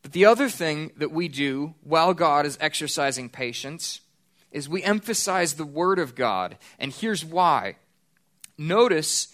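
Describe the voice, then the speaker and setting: A man preaching a sermon as pastor, earnest, slowing down to stress key points. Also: fairly high pitch, animated, a bit bright.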